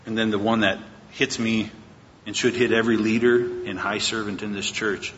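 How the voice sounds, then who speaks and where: A man's voice: level tone, normal speed, a bit bright. Man preaching in an echoey church hall. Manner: conversational Bible storytelling, acting out quotes. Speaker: pastor. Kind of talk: sermon. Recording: echoey lo-fi hall recording with faint rumble.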